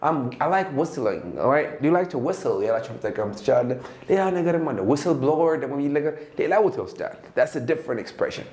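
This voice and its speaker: Fast-talking Ethiopian man teaching English. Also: on the high side, reverberant. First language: Amharic. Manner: animated, switches between English and Amharic, laughs often. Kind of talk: casual bilingual lesson.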